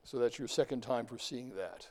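A man lecturing his class in a lively way, talking to students and chanting examples aloud. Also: medium pitch, normal speed. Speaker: university lecturer. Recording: reverberant lecture hall.

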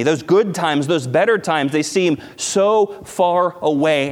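Earnest male pastor preaching in reverb. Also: on the high side. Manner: earnest, emphatic preaching with repetitions and dramatic drops to near-whisper. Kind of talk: sermon. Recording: hall reverb.

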